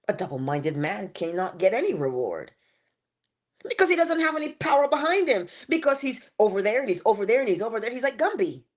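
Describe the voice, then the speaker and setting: A woman giving a motivational morning talk, animated and playful, with chatty asides. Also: on the high side. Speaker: inspirational speaker.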